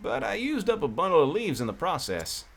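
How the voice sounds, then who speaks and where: A man's voice: a little high, wildly swooping pitch, brisk, fairly bright tone, faint music behind, pitched above the performer's own voice, heavily acted. A man voicing a cheerful male cowboy merchant from a game, in a put-on country drawl. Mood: folksy. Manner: folksy storytelling.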